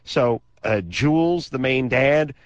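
A man's voice: mid-range voice, slow, no room sound. A man telling comic stories on a late-night call-in radio show, sarcastic and rambling. His voice sits in a middle register and drifts into wild exaggeration and crude asides. The studio sound is dry and a little dull. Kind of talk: comedic storytelling on call-in radio. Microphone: studio microphone.

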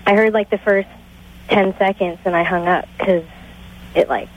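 An eighteen-year-old woman on a call-in line, halting and unsure, full of fillers. Her pitch sits mid-range for a woman. The call sounds muffled and lo-fi. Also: fairly even intonation. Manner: hesitant, halting, many fillers. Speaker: caller. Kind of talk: phone-in call. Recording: dull phone-line call.

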